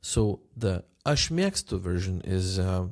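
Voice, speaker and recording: A man teaching a language lesson, patiently repeating phrases slowly for learners. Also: low-pitched, very animated.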